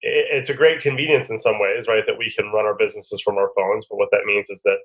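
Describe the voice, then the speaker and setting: A man guesting on a podcast, his voice husky and nasal from a cold and sitting a bit low. He explains ideas in a thoughtful, easygoing way, with homely analogies. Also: fairly even intonation, fast talker, a bit bright, dull audio. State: has a cold. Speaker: podcast guest, productivity coach. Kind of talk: casual interview talk.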